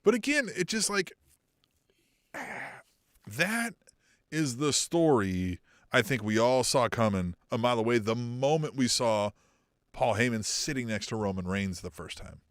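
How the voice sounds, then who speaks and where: A man's voice: mid-range voice, measured pace, dry recording, studio quality. A man co-hosting a casual wrestling talk podcast, swearing freely, laughing and acting out quoted lines. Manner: animated, swearing, laughs a lot, acts out quotes. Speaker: co-host.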